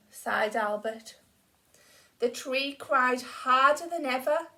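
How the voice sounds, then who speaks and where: A woman teacher reading a picture book aloud to children with slow, expressive storytelling that drops to a hush for quiet moments. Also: high-pitched, gravelly.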